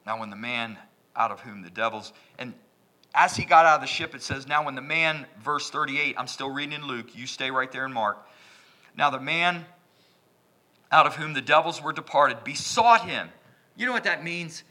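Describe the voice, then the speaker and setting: Bright-voiced man preaching with dramatic swings. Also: medium pitch, normal speed. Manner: dramatic swings from loud emphasis to whispers. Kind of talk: sermon. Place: church.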